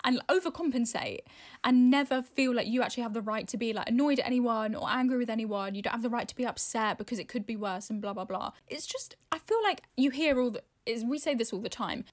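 A woman's voice: a little high, quick pace. A woman co-hosting a podcast, chatting casually, laughing a lot and swearing offhandedly. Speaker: podcast co-host. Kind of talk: casual chat.

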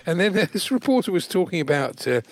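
A man's voice: sits high, very animated, brisk, crowd noise. A man co-hosting a sports talk radio show, laughing often and telling anecdotes. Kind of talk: casual radio chat.

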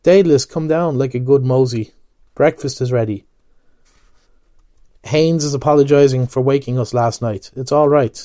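A man reading aloud and voicing a boisterous, mocking young man with a loud, theatrical delivery. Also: medium pitch, normal speed, pauses often, no echo, studio quality, natural voice.

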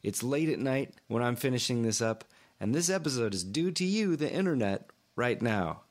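An easygoing man who hosts a podcast, with a voice at an everyday middle pitch. He chats casually with his guest and slips in small jokes. His delivery stays relaxed and conversational. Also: normal speed. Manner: easygoing, chatty, jokey. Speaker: podcast host. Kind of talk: casual interview and outro.

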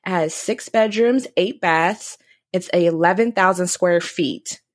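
A woman's voice: on the low side, slow, dry recording, studio quality. A woman in her thirties hosting a podcast in casual chat, loose and chatty, often laughing. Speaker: podcast host.

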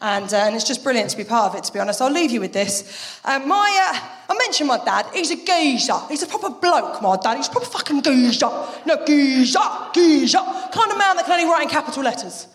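A woman performing a live stand-up comedy set on a theatre stage, telling stories with lively voices for the people she quotes. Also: high-pitched, quick pace, hardly any pauses. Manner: animated storytelling with lively voices for quoted family.

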